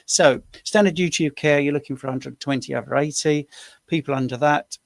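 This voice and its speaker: A man in his sixties with a gravelly edge, talking into a dry, close video-call mic. He answers questions in a chatty, rambling way, dropping self-deprecating asides as he explains. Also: fairly high pitch, fairly quick, dry recording. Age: 60s. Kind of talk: casual online Q&A.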